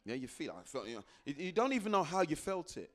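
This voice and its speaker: A man giving a motivational talk to a live audience, repeating phrases for emphasis and acting out little exchanges with sudden jumps into a high voice. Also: quick pace. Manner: animated, acts out little dialogues with sudden high jumps in pitch. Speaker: guest speaker.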